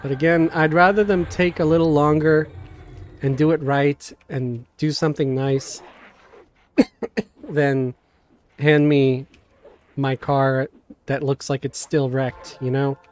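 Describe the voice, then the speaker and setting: A chatty man from Queens, New York, streams a game in casual live-stream chat, his voice on the high side. He talks in an animated, halting way with lots of fillers and restarts, coughing now and then. His desk mic sometimes gets knocked.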